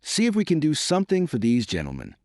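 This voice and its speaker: A man reading the lines of a haughty, disdainful queen in an audiobook, in a lively voice. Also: fairly high pitch, quick pace, no room sound, clean studio sound, voice pushed up. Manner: disdainful, imperious. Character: haughty proud queen, a grown woman.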